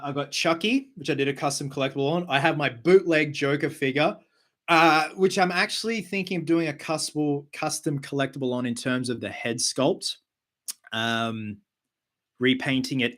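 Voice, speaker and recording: A man hosting a casual live stream, chatty with quick asides and fillers. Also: mid-range voice, fairly bright tone. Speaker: host of a live show.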